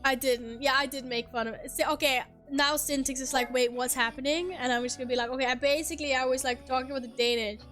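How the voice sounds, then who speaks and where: A woman's voice: high voice, fairly even intonation, fast, few pauses, a bit bright, soft background music. A young woman streaming a game, chatting to her viewers in a playful, self-mocking way, laughing and swearing casually as she plays. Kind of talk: casual live-stream chat while gaming.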